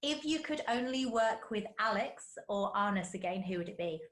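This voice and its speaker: A woman's voice: medium pitch, expressive, fairly bright tone. Teasing woman host in an echoey room. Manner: playful, teasing, quick questions. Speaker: podcast host. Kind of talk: casual interview chat.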